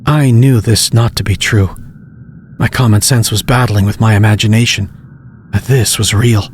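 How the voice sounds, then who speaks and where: Guy reading his own creepy story, tense, hushed, building up, slight hiss under it. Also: fairly low pitch, steady tone, normal speed. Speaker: narrator and author. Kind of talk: scripted horror story narration.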